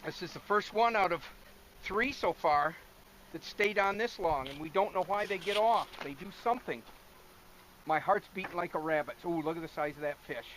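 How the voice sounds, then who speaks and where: Breathless man fishing outdoors, excited. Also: high-pitched, moderate pace, slight background noise, rough recording. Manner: excited, folksy, talks to viewers directly. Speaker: fishing show host. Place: outdoors on a river bank.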